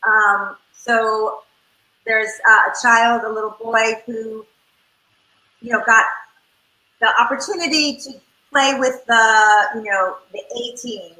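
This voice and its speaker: Woman, family therapist, animated, acts out voices, bright tone. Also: fairly high pitch, takes it slowly, long pauses, roomy sound, rough recording. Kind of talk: interview advice talk.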